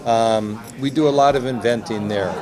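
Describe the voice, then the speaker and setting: A man talking at a mid pitch, telling anecdotes in a relaxed, chatty way and putting lively voices on the people he quotes. A clear crowd murmurs behind him on a convention floor. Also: normal speed. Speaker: executive producer and director. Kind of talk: convention press interview. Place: busy convention hall. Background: loud crowd chatter.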